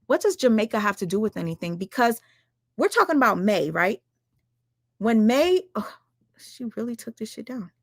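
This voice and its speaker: A woman ranting on her livestream, firing rhetorical questions at her viewers, swearing often and talking fast and emphatically. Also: on the high side, big pitch swings, dry recording, clean studio sound. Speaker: livestream commentator. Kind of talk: heated livestream rant.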